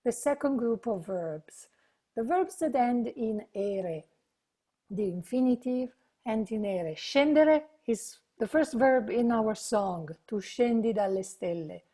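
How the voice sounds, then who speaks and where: A woman's voice: a little high, animated, takes it slowly, warm tone. A woman teaching an online language lesson, patiently explaining and drilling verb forms aloud. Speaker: Italian teacher.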